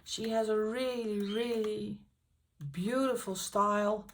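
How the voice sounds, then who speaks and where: Woman host, unhurried, some vocal fry, gushing casual flip-through with lots of ums. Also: mid-range voice, fairly even intonation. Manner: enthusiastic, halting with frequent fillers. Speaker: colouring channel host.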